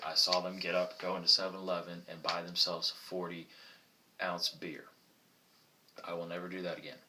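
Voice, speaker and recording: A man's voice: low voice, sharp tone. A man giving plainspoken instructions to a group, acting out sample exchanges as he goes. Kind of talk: casual instructional talk. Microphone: phone camera. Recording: phone recording from a distance, faint noise.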